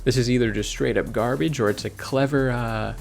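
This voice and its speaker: A man's voice: medium pitch, steady tone, a little fast, vocal fry. A man casually commenting on a video game he is playing, reading the on-screen text aloud and cracking jokes. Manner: playful, jokey, reads game text aloud. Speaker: let's play host. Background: faint game music.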